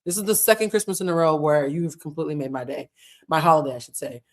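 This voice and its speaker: Brief: thirties woman, streamer host, chatty storyteller, low voice with lively swings. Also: fast. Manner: chatty, laughs often, swears casually. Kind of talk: casual livestream chat.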